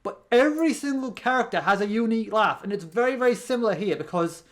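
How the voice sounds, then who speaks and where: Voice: medium pitch, expressive, fast talker. A British let's play host giving casual gameplay commentary, rambling with many restarts.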